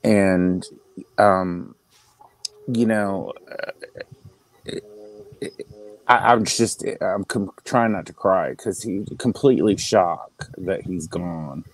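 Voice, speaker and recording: A man's voice: deep voice, poor audio. A man speaking in a casual online panel chat, paying an emotional tribute and often stopping and restarting as he talks. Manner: halting, emotional, with many restarts.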